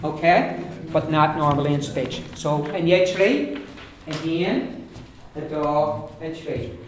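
A man's voice: fairly high pitch, slow, a little hiss or hum. Belfast man teaching in an echoey classroom. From Northern Ireland. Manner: patient, repeats words for the class to echo. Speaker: Irish language teacher. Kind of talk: classroom pronunciation lesson. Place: classroom with students. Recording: echoey room, far from the mic, class around.

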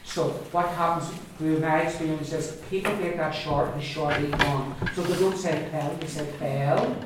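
A man's voice: a little high, fairly even intonation, normal speed, heavy background noise. Man, language teacher, patient word drills, far from the mic, echoey classroom. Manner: drills words aloud, repeats each one patiently. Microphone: distant recorder in the room.

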